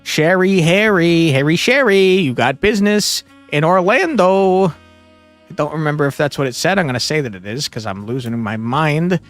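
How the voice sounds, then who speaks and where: A man playing a detective puzzle game and talking through it, excitable, swinging between muttering and yelling. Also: on the high side, moderate pace, soft background music. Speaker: gaming streamer. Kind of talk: let's play commentary.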